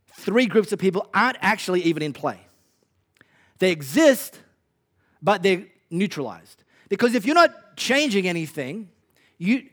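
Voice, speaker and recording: A man with an Australian accent preaching a sermon in a conversational, punchy way with wry humor. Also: sits high. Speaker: pastor.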